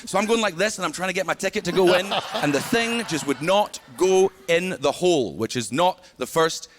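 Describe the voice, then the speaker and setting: Scottish man, young, stand-up; high-pitched, loud, storytelling; live-audience stage mic with noisy laughter. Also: normal speed. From Scotland. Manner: loud, punchy storytelling, often laughing along. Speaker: stand-up comedian. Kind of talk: stand-up comedy set. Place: large theater stage before a live audience.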